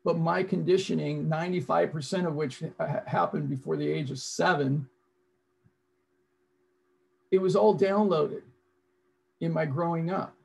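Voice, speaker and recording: A man's voice: fairly high pitch, gravelly, a little mellow, breathy edge. A man presenting an interactive online seminar over a video call, coaching his audience and repeating his prompts.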